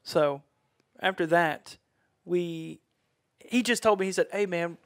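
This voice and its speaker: A man with a high-pitched voice tells stories in loose conversation and keeps bursting into acted-out quotes and loud exclamations. The sound is dry and close, with no room echo. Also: takes it slowly. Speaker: podcast guest. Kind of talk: casual storytelling chat.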